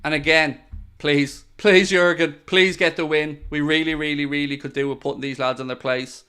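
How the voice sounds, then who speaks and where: A man's voice: fairly high pitch, moderate pace, clean tone. A man hosting a live football watchalong, chatting eagerly with viewers and calling the build-up to kickoff. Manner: excitable, pleading, chatty with viewers. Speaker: watchalong host.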